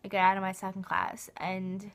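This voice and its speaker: A woman's voice: mid-range voice, completely flat delivery, moderate pace. Young adult woman vlogger, rambling and emotional, chatty filler-laden delivery. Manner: rambling, emotional, heavy use of "like". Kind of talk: casual fan vlog.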